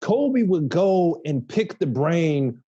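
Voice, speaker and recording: A man co-hosts a podcast and asks the guest playful questions full of slang. His voice is a bit high, with a dark, husky tone. The sound is dull and lo-fi. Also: very animated, takes it slowly. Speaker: podcast co-host. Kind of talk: casual podcast chat.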